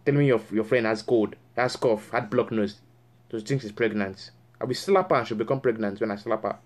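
A man's voice: lowish voice, a little fast. A man making a prank call as a fake counselor, scolding and repeating himself angrily. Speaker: prank caller posing as a counselor.

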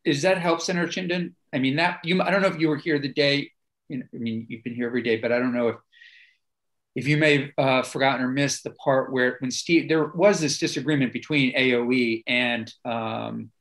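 A man chairing a committee meeting, his voice gravelly with plenty of fry. He talks in a loose, easygoing way, hedging and filling pauses as he moves the discussion along. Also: medium pitch, low-quality recording. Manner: relaxed, hedging with fillers.

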